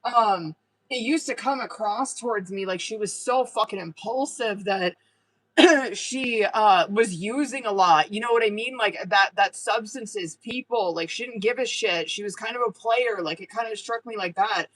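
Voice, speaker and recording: Woman tarot reader live-streaming, loose, profane, chatty. Plain mid-pitched voice. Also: normal speed, fairly bright tone, poor audio. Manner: casual, swears often, filler-heavy.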